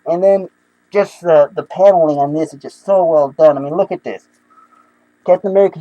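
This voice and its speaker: A young man casually reviewing comic books, excitable and rambling with many restarts. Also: on the high side, moderate pace, no echo, dull audio.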